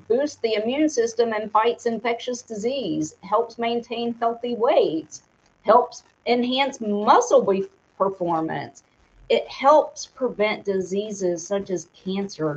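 With a medium-pitched, slightly rough voice, a woman co-hosting a live show handles the sponsor read. The stream audio is dull and lo-fi, and in her casual delivery she stumbles over tough words and laughs at her own mistakes.

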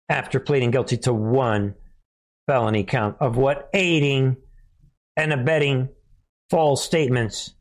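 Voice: mid-range voice, a little slow, long pauses. A commentary host who talks to viewers as folks, sarcastic and often laughing. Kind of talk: casual online commentary.

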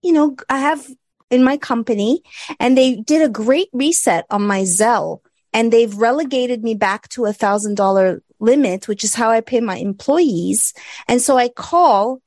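A woman on a live stream telling stories in an animated, sarcastic way. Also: fairly high pitch, moderate pace, no echo, clean studio sound. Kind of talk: casual live-stream talk.

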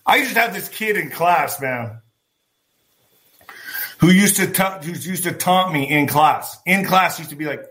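In a fairly high, pushed and bright voice at a moderate pace, a man delivers a profane political commentary rant directly to viewers. Blunt and emphatic, he swears freely and calls his audience folks.

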